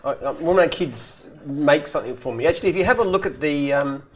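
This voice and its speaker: A man's voice: on the high side, a little fast, a little hiss or hum. Man telling jokes in a Q&A. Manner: animated joke-telling with frequent laughs. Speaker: company founder answering questions. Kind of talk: casual live Q&A chat.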